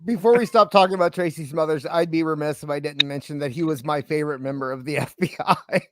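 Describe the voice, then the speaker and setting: A man's voice: a little high, quick pace. A man co-hosting a comedic wrestling podcast, an enthusiastic fan who stammers and laughs. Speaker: podcast co-host. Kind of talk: casual comedic wrestling chat.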